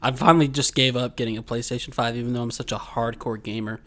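A man's voice: mid-range voice, steady tone, fast talker, fairly bright tone. Rambling, laughing man telling stories. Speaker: podcast co-host. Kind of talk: casual chat, telling a dream story.

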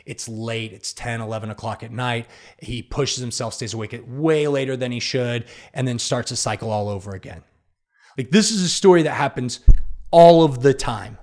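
A man hosting a motivational talk, telling stories with animated delivery and acting out the inner voices that argue in a person's head. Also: mid-range voice. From Kansas City area, United States. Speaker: podcast host. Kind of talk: motivational monologue.

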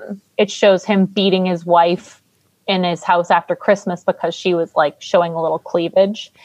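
A woman's voice: on the low side, little pitch movement, moderate pace, a little mellow, no room sound. A woman co-hosting a casual podcast, chatting and recapping a film in an irreverent, swearing, offhand way. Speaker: podcast co-host.

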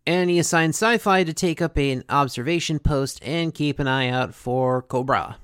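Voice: medium pitch, normal speed, hardly any pauses, a bit bright, clear, resonant tone, no echo, clean studio sound. A host casually recapping a cartoon episode, chatty, with many fillers and asides.

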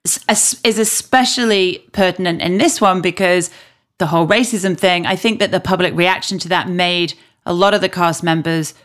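A woman's voice: fairly low pitch, moderate pace, fairly bright tone. A woman co-hosting a podcast, chatting casually and thinking aloud with restarts. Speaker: podcast co-host.

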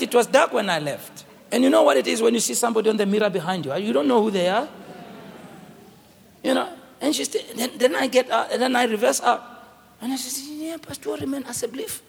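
Impassioned high-voiced preacher. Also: male voice, vocal fry, slight background noise. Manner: impassioned preaching with personal storytelling. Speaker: pastor. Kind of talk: sermon. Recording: long hall reverb.

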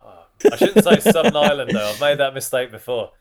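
A man, a comedian chatting as a podcast guest, self-deprecating and quick to laugh. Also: mid-range voice, very animated, over a noisy crowd. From Birmingham, England. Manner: self-deprecating, laughs easily, trails off quietly. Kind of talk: casual podcast chat.

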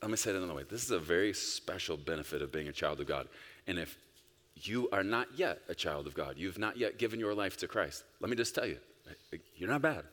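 A male pastor preaching a sermon, emphatic, swinging between loud bursts and soft, quiet stretches. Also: deep voice, animated, fairly quick. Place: church sanctuary. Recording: long reverb of a large hall.

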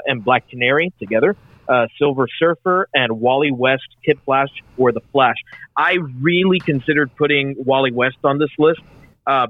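A man's voice: mid-range voice, no room sound. A man co-hosting a casual podcast chat, reading out lists with many hesitations. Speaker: podcast co-host. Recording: tinny phone-like line.

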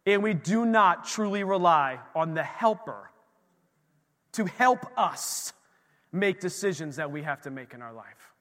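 Speaking a little slowly, the middle-aged man preaches in a high, animated, slightly bright voice. He addresses a church congregation loosely and conversationally, acting out little dialogue scenes, with long hall reverb from the sanctuary.

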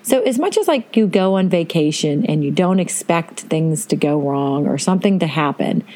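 A middle-aged woman hosting a podcast, telling a family vacation story in a chatty, animated way. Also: sits low, moderate pace. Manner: chatty, animated retelling with quoted voices. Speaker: podcast host. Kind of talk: casual storytelling.

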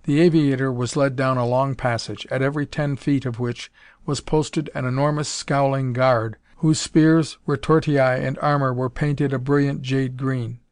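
A male narrator delivers scripted narration of an adventure novel at an even, steady storytelling pace. The audiobook recording is dry and studio quality, and his voice falls in the mid-range.

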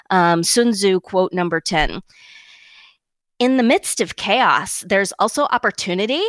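A woman co-hosting a podcast, talking in firm, emphatic statements that drop in pitch at the end. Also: a bit bright, dry recording. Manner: emphatic, declarative, downward-inflected statements. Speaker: podcast co-host. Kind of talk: opinionated podcast commentary.

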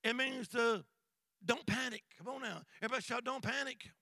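A man preaching a sermon as an evangelist, with rhythmic call-and-response that swings from shouts to hushed whispers in a church. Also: very high-pitched, brisk, creaky, no echo. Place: church sanctuary.

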